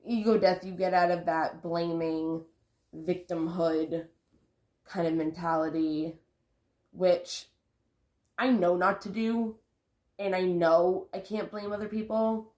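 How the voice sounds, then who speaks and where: A woman's voice: on the low side, fairly even intonation, takes it slowly, pauses often, a little mellow, roomy sound. A woman talking casually to her vlog camera about spiritual growth, rambling and correcting herself as she goes. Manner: rambling, self-correcting, sighs and laughs. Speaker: vlogger.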